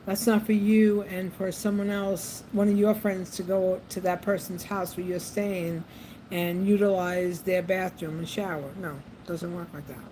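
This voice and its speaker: Woman vlogger, lowish voice, chatty and repetitive, noisy room tone. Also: flat delivery, measured pace, warm tone. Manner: chatty, repeats phrases, frequent ums. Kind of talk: casual monologue to camera. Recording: noisy background ambience.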